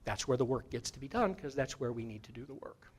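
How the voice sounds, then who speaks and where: A man giving a conversational sermon as guest minister in a church, moving between loud emphatic lines and soft guided meditation. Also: medium pitch, animated, fast, slightly rough. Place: church sanctuary.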